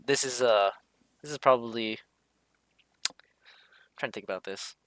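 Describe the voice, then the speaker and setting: A man's voice: mid-range voice, moderate pace, fairly bright tone, no room sound. A man talking casually over a drawing, hesitant, with many fillers and restarts. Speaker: streamer explaining a drawing.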